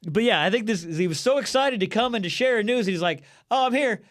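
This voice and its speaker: A man co-hosting a casual Bible study podcast, reading scripture and acting out the characters in quick, animated voices. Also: high-pitched.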